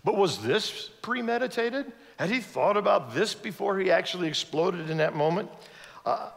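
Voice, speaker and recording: A man who grew up in Ivory Coast, preaching a sermon with animated storytelling and questions to the audience. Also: high voice, normal speed, gravelly. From Ivory Coast, West Africa. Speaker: guest preacher. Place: church sanctuary. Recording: long church reverb.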